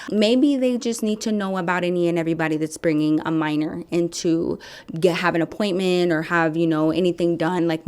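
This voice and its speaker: Sassy woman vlogger telling a story. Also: lowish voice. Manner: animated, sassy, acts out dialogue. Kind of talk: casual storytime.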